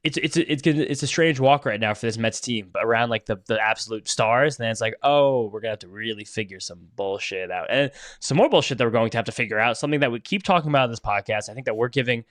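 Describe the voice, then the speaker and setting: A man co-hosting a podcast in casual chat, rattling along at a quick clip. He rambles through long thoughts and swears casually. The sound is close and dry, with no room behind it. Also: medium pitch, a bit bright, no room sound. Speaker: podcast co-host.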